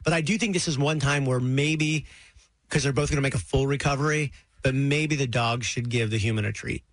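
A man's voice: medium pitch, a little fast, dry recording. A man hosting a morning radio show, chatty and upbeat, laughing often from a studio microphone.

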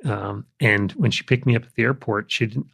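An older man, an interview guest, telling a personal story in a relaxed, reflective way, with frequent fillers. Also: medium pitch, a little fast, creaky, breathy edge, no echo, studio quality. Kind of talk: conversational storytelling.

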